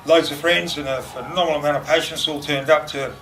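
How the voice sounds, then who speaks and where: Gravelly New man speaking from afar. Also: fairly high pitch, fairly even intonation, fast talker, a bit bright. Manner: rambling, many fillers, laughing through anecdotes. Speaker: eulogist at a memorial. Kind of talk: informal memorial speech. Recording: distant mic with background noise.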